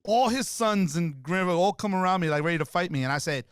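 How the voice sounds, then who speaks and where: A middle-aged man, an artist and photographer appearing as a podcast guest, tells stories in a casual street style and acts out the people in them. His voice is high, fast, and smooth with lively intonation, captured in a dry, clean studio recording.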